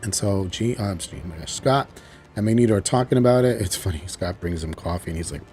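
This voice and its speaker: Mellow-voiced man excitedly recapping a show. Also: deep voice, fast, husky, soft background music. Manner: enthusiastic, rambling storytelling with frequent "like" and "you know". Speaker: TV show reviewer. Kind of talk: casual recap of a TV episode.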